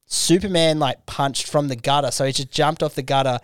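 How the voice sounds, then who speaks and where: A man's voice: fairly high pitch, a little fast, clear, resonant tone, no room sound, clean studio sound. A young Australian man hosting a podcast, telling crude, laughing anecdotes in casual chat. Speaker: podcast host. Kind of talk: casual storytelling.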